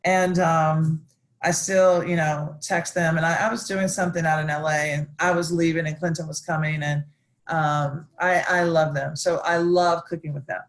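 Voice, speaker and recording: A woman chef, chatting casually and enthusiastically on a live stream, with lots of restarts and excited asides. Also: deep voice, moderate pace. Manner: animated, gushing, chatty with many restarts. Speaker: celebrity chef guest.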